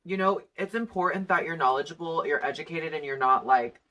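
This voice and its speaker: A guest in a casual chat, gossipy and slangy, dropping into quick impressions. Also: mid-range voice, sharp tone.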